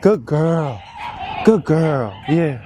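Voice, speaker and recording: A man's voice: on the high side, animated, very slow, very noisy. A man training his dog, repeating commands and praise.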